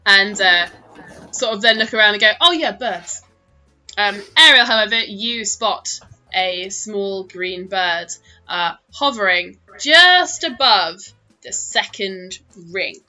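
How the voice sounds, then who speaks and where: A woman's voice: mid-range voice, takes it slowly, sharp tone, faint music behind. A woman narrating as dungeon master of a tabletop game, laughing often as she talks.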